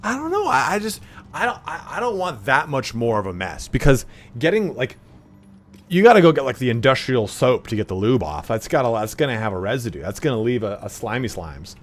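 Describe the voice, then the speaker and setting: A man's voice: medium pitch, very animated, fairly quick, a little hiss or hum. A man streaming a game, telling profane, rambling anecdotes and acting out the voices in them. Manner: acts out voices in his stories. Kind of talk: casual chat while gaming.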